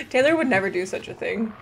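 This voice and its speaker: A young woman chats casually through a gaming live stream in a fairly high voice, bubbly and quick to giggle. She reads chat messages aloud and reacts with excited little exclamations. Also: creaky, a little hiss or hum. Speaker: livestream host.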